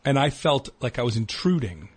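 A middle-aged man from New Jersey, a musician guest in a casual interview, telling animated stories and acting out the people he quotes. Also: mid-range voice, normal speed, breathy edge.

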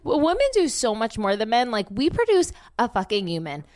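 A woman's voice: on the high side, wildly swooping pitch, brisk, darkish tone. A woman hosting a podcast in casual chat, blunt and rambling, swearing freely and laughing often. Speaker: podcast host.

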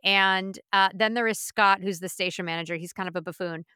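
A woman's voice: mid-range voice, fairly even intonation, a little fast, bright, forceful tone, smooth, no room sound, clean studio sound. A woman co-hosting a podcast, chatting casually and laughing easily. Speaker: podcast co-host. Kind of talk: casual chat.

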